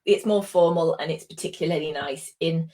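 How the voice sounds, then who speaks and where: A woman's voice: low-pitched, brisk, dark tone. A woman with a British accent teaching exam writing in a live session, patient and explaining with examples, with frequent ums. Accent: British English. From Britain. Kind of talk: live online tutoring session.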